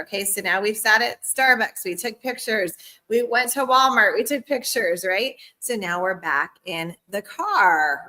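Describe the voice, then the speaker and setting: A woman's voice: mid-range voice, sharp tone. A woman leading a live-streamed sales training at home, upbeat and chatty, with a cough and frequent laughs.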